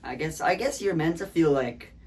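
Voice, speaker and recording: A man's voice: fairly high pitch, animated, normal speed, darkish tone. Joking young man from a distant mic. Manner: joking, curious, mimics characters. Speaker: film review show host. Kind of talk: casual movie review chat.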